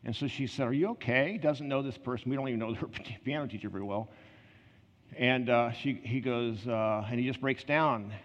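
A man preaching a conversational sermon, telling personal stories in an earnest way with quick asides and restarts. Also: mid-range voice. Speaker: pastor. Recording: reverberant hall, slightly muffled.

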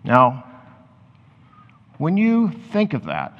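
A man with a somewhat high voice preaching a sermon, moving between read-out scripture and casual, unpolished explanation. His voice rings with a long hall reverb, and the recording sounds muffled and dull. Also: wildly swooping pitch, drawn-out words. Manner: reads scripture aloud, then explains in loose, conversational asides. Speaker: pastor.

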